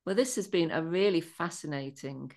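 Low-voiced woman hosting a podcast. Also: moderate pace. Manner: warm, affirming, lots of agreeing. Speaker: podcast host. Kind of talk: interview conversation.

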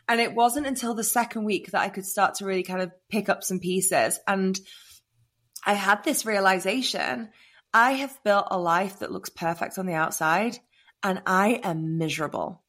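A woman with a British accent, a podcast guest telling a candid personal story in an animated way and acting out her past thoughts. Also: mid-range voice, normal speed.

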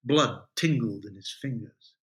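A male writer reading his own short story aloud in a vivid, expressive way. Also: medium pitch, measured pace. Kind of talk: literary reading.

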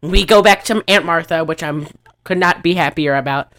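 A woman hosting a casual chat, rambling through a movie recap, often laughing and clearing her throat. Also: low-pitched, moderate pace, fairly bright tone, no echo, studio quality. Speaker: podcast host.

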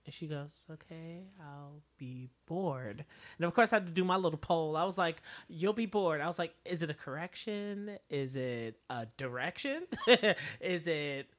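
A woman's voice: low voice, moderate pace. A woman co-hosting a casual podcast, talking easily through a TV episode and quoting its dialogue. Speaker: podcast co-host. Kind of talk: casual chat recapping a TV episode.

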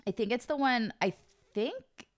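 A woman's voice: a little high, very animated, measured pace. A woman co-hosting a podcast in casual, rambling chat, swearing now and then. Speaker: podcast co-host.

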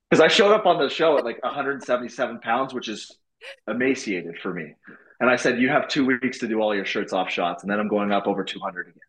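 A young man from Canada telling casual stories as a podcast guest, animated and swearing freely, acting out what people said. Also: mid-range voice, fast talker, poor audio. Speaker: podcast guest, former reality show lead. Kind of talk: casual storytelling.

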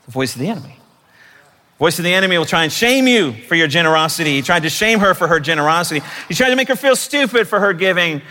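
A man preaching a sermon, building to emphatic, drawn-out declarations and then dropping to softer asides. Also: on the high side, expressive, in a large hall. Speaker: pastor.

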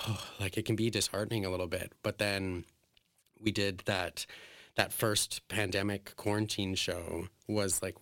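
A man's voice: on the low side, fairly bright tone, dry recording, studio quality. A man, a drag performer, telling stories in a casual interview, chatty and emotional, full of filler words, laughing often and acting out what people said.

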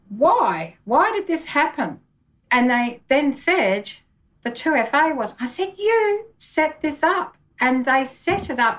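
Woman, bookkeeper, lively storyteller, somewhat high voice, mic a bit distant. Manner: animated storyteller, acts out her own past dialogue. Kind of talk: conversational interview storytelling.

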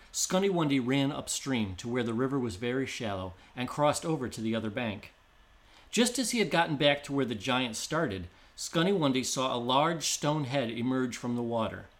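Guy reading a folk story out loud, steady mid voice, calm measured pace. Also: mid-range voice. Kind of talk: scripted storybook narration.

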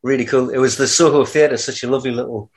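A man's voice: mid-range voice, fairly even intonation, quick pace. A man with a Geordie accent chatting casually on a podcast, rambling and laughing often. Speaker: podcast co-host. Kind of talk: casual chat.

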